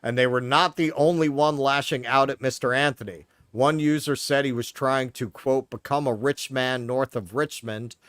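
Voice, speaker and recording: A man's voice: mid-range voice, fairly even intonation, moderate pace, hardly any pauses, fairly bright tone, no echo, clean studio sound. A man with a New York accent from Queens, co-hosting a political talk show, heated, sarcastic and swearing often. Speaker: podcast co-host. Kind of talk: casual political commentary.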